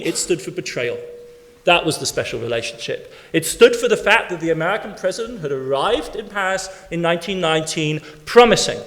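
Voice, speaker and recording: In a conference hall, a man with a fairly high, fairly bright voice delivers a keynote academic lecture to an audience. He speaks emphatically, stacking his points in rhythmic lists.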